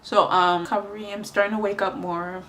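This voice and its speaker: A woman's voice: medium pitch, flat delivery, fairly quick, fairly bright tone, a little hiss or hum. A young woman telling a rambling story in casual chat while doing her makeup, with lots of fillers. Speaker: beauty vlogger.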